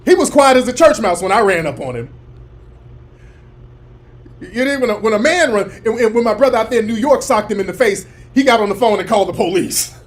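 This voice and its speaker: A man talks in a fairly high, lively voice. He delivers scornful, mocking commentary that swings up and down as he retells things. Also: brisk. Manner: animated, mocking, mimics others in a high crying voice.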